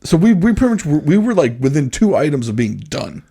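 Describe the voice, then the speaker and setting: Telling a story during casual podcast banter, this male co-host acts out others' quoted lines with plenty of animation. His voice is a little high and breathy-edged, and he moves at a brisk clip.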